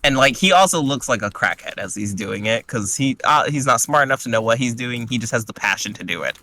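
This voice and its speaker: A man's voice: mid-range voice, brisk, slight background noise. A man casually recapping a tabletop game session with crude, joking energy. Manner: crude, joking, animated retelling. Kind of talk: casual chat.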